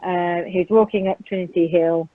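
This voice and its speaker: A woman's voice: fairly low pitch, steady tone, normal speed, dry recording. A woman with a British accent giving earnest, vivid personal testimony in a conversation, retelling events in the present tense with frequent ums. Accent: British English. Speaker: guest recounting a violent attack. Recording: tinny phone line, dry.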